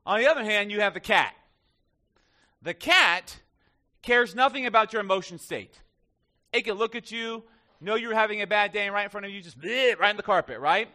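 A man's voice: high voice, normal speed, pushed and bright. A male pastor giving a conversational sermon in church, joking with the congregation.

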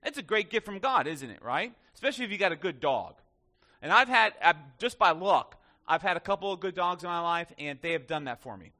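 A man's voice: high voice, animated, brisk, bright, forceful tone. A male pastor giving a conversational sermon in church, joking with the congregation.

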